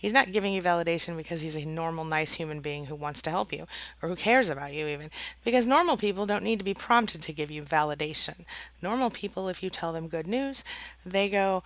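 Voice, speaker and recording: A woman's voice: fairly low pitch, animated, fairly quick, fairly bright tone, dry recording, rough recording. A woman host talking earnestly and casually to her viewers about abusive relationships, with many fillers and small laughs. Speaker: host, narcissistic abuse coach. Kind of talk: casual talk to camera.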